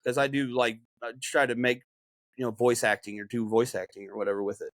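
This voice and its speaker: A man's voice: mid-range voice, brisk, a bit bright, dry recording. A man hosting a podcast in casual, rambling chat, swearing freely. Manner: rambling, heavily profane. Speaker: podcast host and game streamer.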